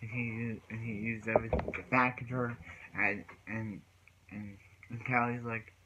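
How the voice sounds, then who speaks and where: A man's voice: on the low side, little pitch movement, moderate pace, muffled recording, noisy background. A man recapping a TV episode in a casual, rambling way, restarting his sentences often. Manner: rambling retelling with many restarts. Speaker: TV show reviewer.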